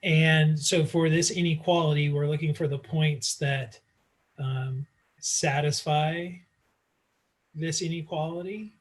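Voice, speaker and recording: A man's voice: a little high, fairly even intonation, slow pace. A man teaching math in a casual online lecture, working through problems aloud with frequent fillers, recorded on a computer mic. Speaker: math instructor.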